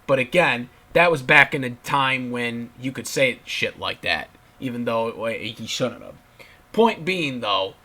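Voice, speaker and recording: A man's voice: on the high side, sharp tone. A young man giving an exasperated, sweary casual rant about wrestling as a channel commentator. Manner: exasperated, ranting with frequent swearing and restarts. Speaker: YouTube commentator.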